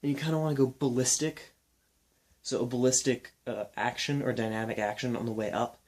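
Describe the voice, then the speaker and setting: A young man explaining and demonstrating ab exercises in a casual, relaxed way while counting reps aloud. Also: mid-range voice, a little fast. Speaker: fitness instructor.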